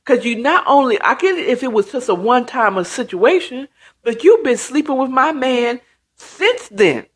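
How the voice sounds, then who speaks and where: A woman's voice: high voice, animated, normal speed, voice pushed up. Woman voicing a furious betrayed young woman. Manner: harsh, confrontational.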